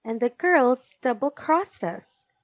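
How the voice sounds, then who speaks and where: A woman voicing a loud, excitable boy in a children's story. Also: a little high, slow pace, no echo, exaggerated voice. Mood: excited. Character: excitable boy club member.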